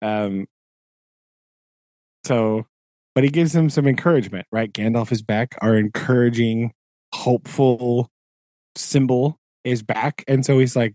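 A man co-hosting a podcast, casually retelling a book chapter in an animated way, acting out the characters' lines with lots of filler words. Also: medium pitch, unhurried, pauses often, no room sound. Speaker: podcast co-host.

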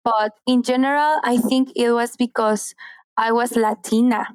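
A woman's voice: fairly high pitch, fairly even intonation, unhurried, clear, resonant tone, dry recording, low-quality recording. A woman from Mexico with a Mexican accent, a native Spanish speaker, chatting enthusiastically as a podcast guest. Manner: enthusiastic, gushing. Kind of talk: casual interview chat.

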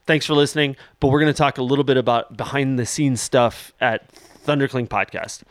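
A man's voice: mid-range voice, fairly even intonation, brisk, no room sound, clean studio sound. A man hosting a podcast in loose, joking casual chat, swearing and laughing often. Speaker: podcast host.

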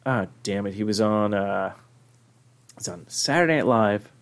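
A man's voice: on the low side, measured pace, a little hiss or hum. A man hosting a casual podcast, rambling with many restarts and swearing casually. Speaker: podcast host. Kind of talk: casual chat.

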